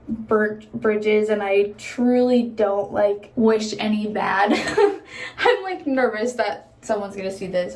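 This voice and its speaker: A woman's voice: medium pitch, a little mellow, echoey room, recorded from a distance, a little hiss or hum. A young woman vlogging in a casual, rambling, candid way, swearing freely and trailing off into whispers. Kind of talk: casual chat.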